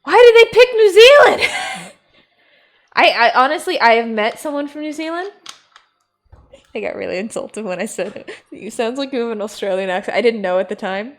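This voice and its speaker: A woman whose first language is German, chatting playfully to her stream as she plays. Her voice sits fairly high and swings widely in pitch, loose and animated. She laughs easily between remarks. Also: a little fast. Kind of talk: casual gameplay commentary.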